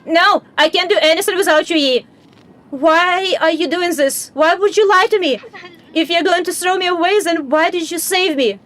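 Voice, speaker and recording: A woman's voice: very high-pitched, normal speed, fairly bright tone, pitched above the performer's own voice. A woman voicing a frightened young boy in a game, speaking in a raised, strained, pleading way. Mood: distraught.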